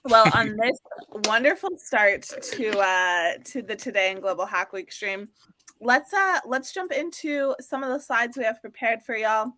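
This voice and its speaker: A woman's voice: on the high side, expressive, a little slow, bright, forceful tone, a little hiss or hum. A woman co-hosting a live stream, chatting in a casual, upbeat way with lots of fillers. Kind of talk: casual chat. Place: home or office, working from New York.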